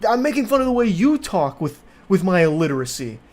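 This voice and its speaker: A man's voice: high-pitched, big pitch swings, a little fast. A man putting on the voice of a childish, self-righteous man in his forties who whines indignantly. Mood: defensive. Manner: whiny, indignant shouting.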